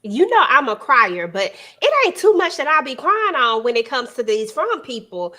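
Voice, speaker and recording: A woman's voice: high voice, sing-song, moderate pace, pushed and bright. A woman on a TV recap panel, chatting loosely and sometimes stumbling over her words. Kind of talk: casual TV recap chat.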